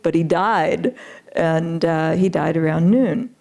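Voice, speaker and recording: Woman, spiritual teacher, relaxed gravelly voice, earnest storytelling. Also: low voice, slow pace. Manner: earnest retelling with frequent uh and you know.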